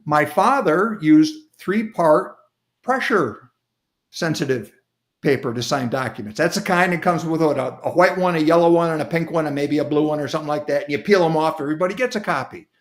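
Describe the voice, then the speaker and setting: A man's voice: fairly high pitch, animated, fairly quick. A man speaking as a guest author on a video call, explaining ideas through folksy, homely examples. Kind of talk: casual explanatory talk.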